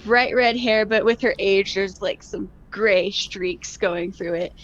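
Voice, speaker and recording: A woman's voice: mid-range voice, slow pace, lo-fi sound. Giggly woman playing a tabletop game. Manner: cheerful, giggly, fumbles with numbers. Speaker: player.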